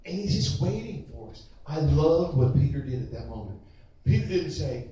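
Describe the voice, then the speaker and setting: A man preaching a sermon in a dramatic style, acting out quotes and rising to shouts, in a large church hall. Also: a little high, very animated, normal speed. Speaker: pastor. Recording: very echoey, distant from the mic.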